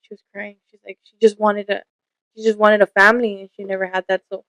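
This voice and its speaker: A woman's voice: mid-range voice, level tone, quick pace, a bit bright, no room sound, poor audio. A young woman co-hosting a casual podcast, telling stories candidly and swearing freely, acting out the lines of the people in them. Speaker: podcast co-host.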